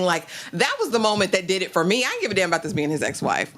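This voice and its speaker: A woman's voice: fairly low pitch, sing-song, rapid-fire, a bit bright. Frank woman reviewing a TV episode. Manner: frank, playful, quotes characters in raised voices. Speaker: guest reviewer. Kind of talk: casual reaction chat.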